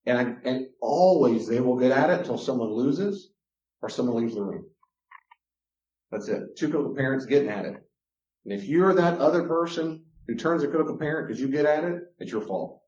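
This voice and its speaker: A man's voice: medium pitch, expressive, a little fast, darkish tone. A man with a Southern US accent, a Christian counselor giving an impassioned, emphatic lecture to a class. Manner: emphatic, gets worked up. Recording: roomy, dull lo-fi room recording.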